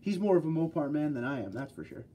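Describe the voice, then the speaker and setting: A man's voice: on the high side, sing-song, fast talker, dark tone, a little hiss or hum. A man from New York hosting a livestream, chatting casually and rambling through answers to viewer comments. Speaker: livestream host.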